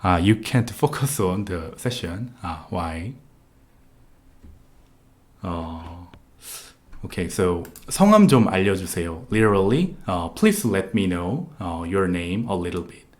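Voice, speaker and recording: A man with a low voice, lively intonation and a slightly slow pace teaches a live online language lesson. A native Korean speaker with a Korean accent, he gives patient, repetitive explanations peppered with frequent "uh" fillers.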